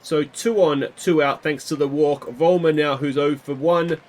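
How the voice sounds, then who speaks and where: A man giving casual play-by-play commentary on a baseball video game he is playing, with bursts of excitement on big hits. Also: a little high, measured pace. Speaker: gaming video host.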